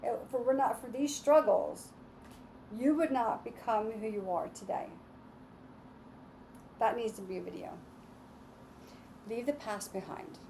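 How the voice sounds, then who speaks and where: A woman's voice: on the high side, a little slow, vocal fry, pauses often, mellow, a little hiss or hum. A woman giving a casual, enthusiastic tarot and astrology reading, repeating her affirmations. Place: home with lawnmowers outside.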